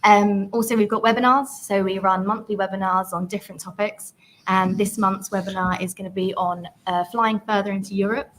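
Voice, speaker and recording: A woman who runs a flying club, promoting it in a chatty, bubbly way with quick laughs. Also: mid-range voice, steady tone, a bit bright, poor audio. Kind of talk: casual promotional talk.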